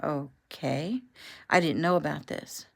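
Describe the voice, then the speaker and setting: A woman reading as an earnest high school boy, speaking softly and without fuss. His voice stays low-key and understated. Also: takes it slowly, creaky, breathy edge, heavily acted. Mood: subdued. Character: teenage boy, earnest and subdued.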